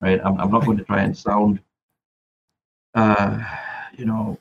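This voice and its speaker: A man's voice: on the low side, little pitch movement, unhurried, vocal fry, lo-fi sound, slight background noise. A Malaysian man who raps, talking reflectively as a podcast guest and often repeating words while he thinks. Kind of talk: casual interview chat.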